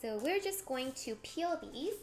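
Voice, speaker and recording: Bubbly high-voiced woman chatting while cooking. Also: animated, unhurried, a little mellow, faint music behind. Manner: bubbly, giggly, talks to chat while cooking. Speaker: cooking streamer. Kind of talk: casual cooking stream chat.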